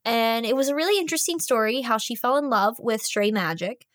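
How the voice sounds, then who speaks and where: A woman co-hosting a podcast, reviewing an audiobook in casual, fast chat full of "like" fillers. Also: a little high, animated, dry recording, studio quality. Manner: chatty, fast, lots of "like" fillers.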